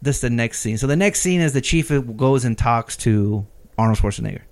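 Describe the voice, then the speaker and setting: A man's voice: medium pitch, animated, fairly quick, darkish tone. A man co-hosting a podcast, retelling a film scene by scene in rambling casual chat, laughing and acting out the lines. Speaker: podcast co-host recapping a movie.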